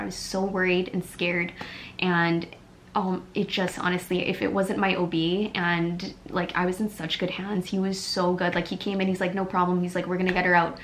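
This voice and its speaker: A young woman telling a personal story in a casual vlog, chatty and animated, full of "like" fillers. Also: on the low side, slight background noise. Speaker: beauty vlogger.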